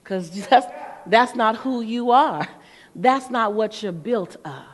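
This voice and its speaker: A woman's voice: a little high, lively intonation, takes it slowly, in a large hall. A woman voicing her elderly grandmother, who lovingly but firmly coaxes a tired teenager not to quit and repeats her lesson. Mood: coaxing.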